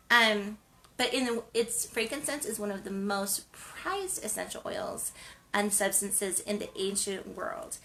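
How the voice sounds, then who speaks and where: A woman's voice: medium pitch, creaky, sharp tone, a little hiss or hum. A woman hosting a wellness show, talking casually and rambling, with frequent ums and restarts. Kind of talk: casual spoken segment.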